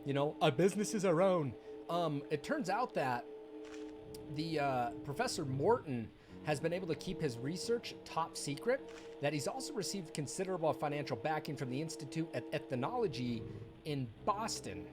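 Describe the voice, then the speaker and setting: A man's voice: fairly high pitch, sing-song, normal speed, music in the background. A man chatting casually while streaming a game, rambling and candid, with bitter, sarcastic asides. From United States. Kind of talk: casual live-stream chat.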